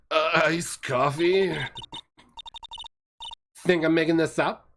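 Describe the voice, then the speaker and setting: A man's voice: a little high, fairly even intonation, very slow, a bit bright, a little hiss or hum. A man hosting a game playthrough, reading the dialogue aloud in silly, ad-libbed voices. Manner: jokey, ad-libbing, switches into silly voices. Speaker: let's play host reading game dialogue. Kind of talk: playful voice-acting of game text. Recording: game music playing under the talk.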